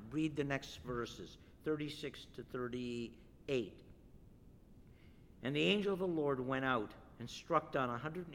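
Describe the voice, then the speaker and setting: Male preacher, slightly high voice, emphatic sermon delivery that builds to forceful declarations, long hall reverb.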